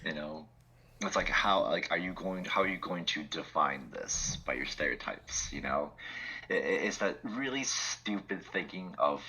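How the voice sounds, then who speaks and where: A man's voice: low-pitched, lively intonation, normal speed, bright, forceful tone, husky, low-quality recording. A man co-hosting a podcast in casual political chat, laughing often and using many filler words. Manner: chuckling often, lots of "like" fillers. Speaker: podcast co-host.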